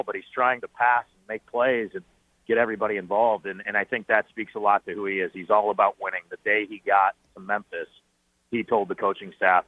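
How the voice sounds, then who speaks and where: A man, a team's play-by-play broadcaster, telling animated stories as a guest on sports talk radio, with many fillers and restarts. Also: fairly low pitch, a little fast, no echo. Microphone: phoning in. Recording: tinny phone line.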